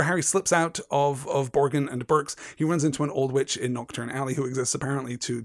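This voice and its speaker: A man's voice: mid-range voice, no room sound, studio quality. A man hosting a book-discussion stream, talking in full sentences and often repeating words while he builds a point. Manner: articulate, repeats words as he gathers thoughts. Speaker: podcast host. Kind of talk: literary discussion and read-aloud.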